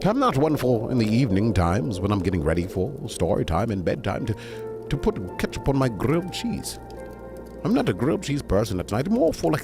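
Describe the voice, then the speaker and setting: Chatty man reading a bedtime story. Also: mid-range voice. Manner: chatty, digressing asides.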